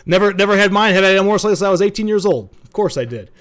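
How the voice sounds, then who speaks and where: A man's voice: high-pitched, lively intonation. A man co-hosting a casual podcast, joking and often restarting his sentences. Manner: fast, stammering restarts, joking. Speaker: podcast co-host, veteran.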